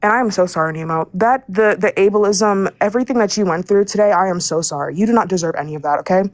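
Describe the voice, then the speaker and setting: A young woman speaking in a live audio room, furious and stumbling over her own words. Her voice sits at an everyday pitch and sounds dry and close, with no room around it. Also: fast, no room sound. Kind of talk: heated live call-in rant.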